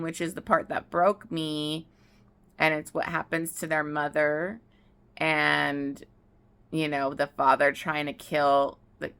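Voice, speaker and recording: Emotional young woman with a gravelly edge. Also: sits low, pushed and bright. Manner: rambling, emotional, many restarts. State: tearful. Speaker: book vlogger. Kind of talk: casual chat. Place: outdoors.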